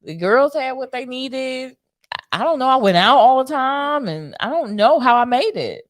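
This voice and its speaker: A woman's voice: high voice, expressive, moderate pace, dry recording, clean studio sound. A woman co-hosting a casual podcast, easygoing and laughing often. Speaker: podcast co-host. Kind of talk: casual chat.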